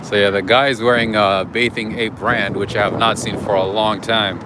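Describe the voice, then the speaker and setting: A man's voice: on the low side, little pitch movement, normal speed. A man hosting an unscripted walking livestream, chatting and rambling through stories outdoors on city streets. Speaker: livestream host. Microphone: handheld camera while walking. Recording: loud street traffic noise.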